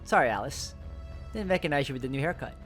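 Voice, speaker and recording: A man's voice: mid-range voice, expressive, fast, a bit bright, faint music behind, lightly acted. A man voicing a breezy, cunning man who talks his way out of trouble. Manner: breezy, cunning, covering for a friend. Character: Jim, sly British man, smooth talker.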